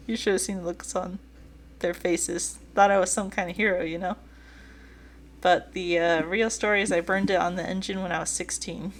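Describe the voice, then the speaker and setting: A woman's voice: lowish voice, fairly even intonation, normal speed, a little hiss or hum, close to an everyday voice. Woman voicing Stan, a folksy joking old boater. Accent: light put-on Southern drawl. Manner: teasing, folksy storytelling. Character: folksy joking older male boat owner. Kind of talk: dating game read-aloud.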